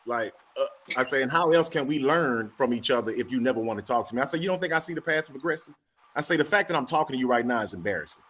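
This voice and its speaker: Brisk male talker who acts out every voice in his stories; mid-range pitch, faint noise behind. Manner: animated storyteller acting out both sides of a dialogue. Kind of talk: casual chat.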